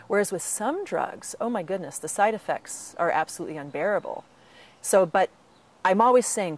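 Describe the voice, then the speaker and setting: A woman answering interview questions as an author and patient advocate, speaking earnestly and slipping into animated quoted voices, with some breathing trouble. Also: fairly low pitch.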